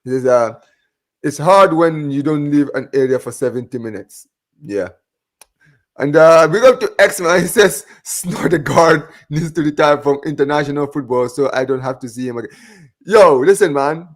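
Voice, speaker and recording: A man with a fairly high pitch speaks at a moderate pace while hosting a laid-back live football watch-along. He goes through viewer comments out loud, banters with his co-hosts, and leans heavily on "man" and "bro."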